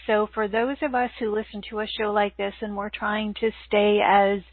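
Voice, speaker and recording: A woman's voice: medium pitch, flat delivery, normal speed, no room sound. A woman podcast host interviewing a guest, affirming and agreeing, with many fillers. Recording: dry tinny phone line.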